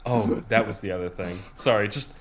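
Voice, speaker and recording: Man, fairly low voice, podcast co-host, casual chat, rambling, frequent restarts. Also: fairly quick. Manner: rambling storyteller, many restarts and fillers.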